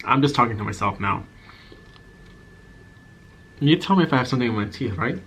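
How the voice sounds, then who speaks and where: A man talks easily while he eats, chatty and candid, letting thoughts trail off between bites. His voice sits at an ordinary middle pitch. Faint street noise drifts in from outside the apartment. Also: lively intonation, fairly quick, a bit bright. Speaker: ASMR and vlog creator. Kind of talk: casual chat while eating, mukbang. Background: faint outside noise of passing cars.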